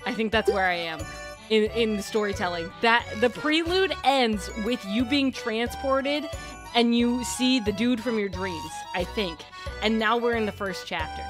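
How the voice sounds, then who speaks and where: A woman streamer casually retelling a long dream story, full of "like" and slow dramatic pauses. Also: fairly high pitch, over music.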